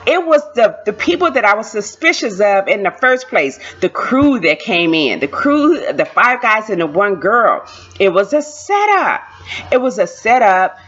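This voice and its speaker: A woman vlogger telling a story in a chatty, animated way, repeating lines for emphasis, on a dull lo-fi recording. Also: medium pitch, a little slow. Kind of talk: casual storytime.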